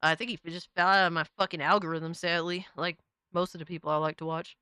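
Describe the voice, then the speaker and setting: A man hosting a casual commentary show, swearing freely and reacting loudly. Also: a little high, steady tone, fast talker, heavy background noise. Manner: profane, loud, exclamatory.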